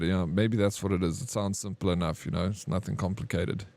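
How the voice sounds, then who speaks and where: A man streaming a game, chatting with viewers and telling a long, rambling story in a relaxed, slangy way. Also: sits low, fairly quick, vocal fry, few pauses, no room sound. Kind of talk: casual chat while gaming.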